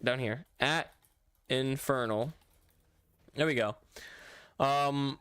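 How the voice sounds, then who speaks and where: Male streamer, mid pitch, rambly and self-correcting, chatting with viewers over a dry, close mic. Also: takes it slowly, long pauses, fairly bright tone, smooth, no room sound. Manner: rambling, self-correcting, talks back to chat. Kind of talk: casual live-stream chat while gaming.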